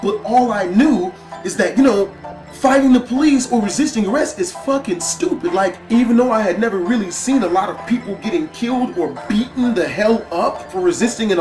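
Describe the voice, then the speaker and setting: Woman vlogger, profane casual storyteller, faint music, echoey room. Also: mid-range voice. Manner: animated, profane. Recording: roomy echo, faint music.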